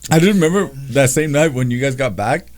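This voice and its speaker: A man co-hosting a podcast, telling a drunk story in relaxed slang. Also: medium pitch, brisk. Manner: laid-back, slangy, laughs often. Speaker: podcast co-host. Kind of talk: casual storytelling chat.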